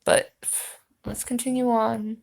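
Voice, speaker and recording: A woman's voice: on the high side, flat delivery, slow, vocal fry. A woman streaming a reaction to a video, rambling and swearing as she talks straight at the man in it. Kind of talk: casual reaction commentary.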